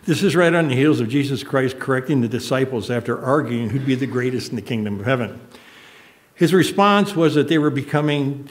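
An older man preaching a sermon, telling a personal story in an earnest, emotional way. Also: mid-range voice. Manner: emotional, earnest, choked up at moments.

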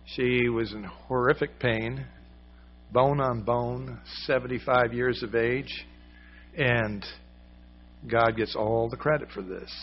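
A man's voice: mid-range voice, steady tone, slow pace, slight background noise. Male pastor, conversational sermon delivery, storyteller, slightly muffled recording. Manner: storytelling, acts out quoted voices, conversational. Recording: slightly dull lo-fi sound.

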